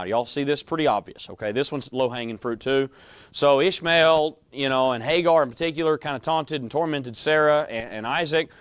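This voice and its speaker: A man's voice: medium pitch, moderate pace, clear, resonant tone, no echo. A man teaching a Bible class in a conversational way, often quizzing his students.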